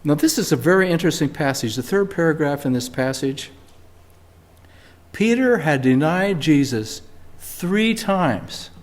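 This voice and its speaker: An older man preaching a sermon in a church, talking in a relaxed storytelling way and rising emphatically on key words. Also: fairly high pitch, a little slow. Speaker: pastor. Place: church sanctuary.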